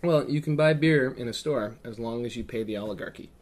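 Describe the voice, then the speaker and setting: Male host, chatty and rambling, deadpan jokes, mid-pitched. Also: fairly quick, a little hiss or hum. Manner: rambling, dry sarcastic asides. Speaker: podcast host. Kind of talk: casual chat.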